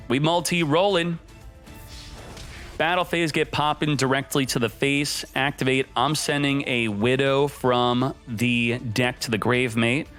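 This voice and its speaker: A man streaming a card game, giving excited, jokey commentary and talking to himself as he plays. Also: fairly high pitch. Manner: hyped, jokey, talks to himself while playing. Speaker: gaming streamer.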